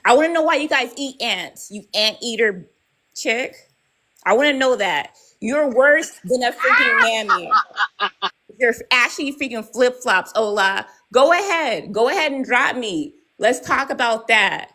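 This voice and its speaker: In a heated live-stream debate, this woman is confrontational and swears, frequently tacking "right?" onto her points. She speaks at a measured pace in a fairly high, expressive, sharp-toned voice, and the recording quality is low.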